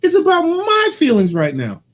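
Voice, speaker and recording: Animated, teasing man arguing his point. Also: very high-pitched, moderate pace. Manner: animated, argumentative and teasing, quoting people in changed voices. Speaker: co-host. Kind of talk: casual couple debate.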